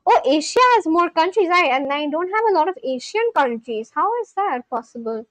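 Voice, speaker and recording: A woman's voice: high voice, lively intonation, brisk, no room sound, poor audio. A young woman chatting casually on a livestream, gushing and exclaiming often as she reacts to viewers.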